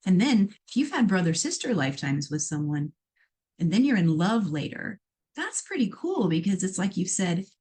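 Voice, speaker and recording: A husky, lowish voice at a moderate pace belongs to a middle-aged Iowa woman who hosts a live call-in psychic medium show. She reads out listener questions and answers with lively chatter and playful asides.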